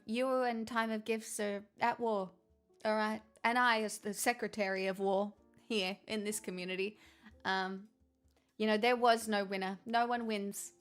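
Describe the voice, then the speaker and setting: A woman streams live in a put-on Irish accent that she admits is bad. She rambles, jokes and swears as she chats, in a fairly high voice. Soft music plays faintly underneath her. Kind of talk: casual live stream chat.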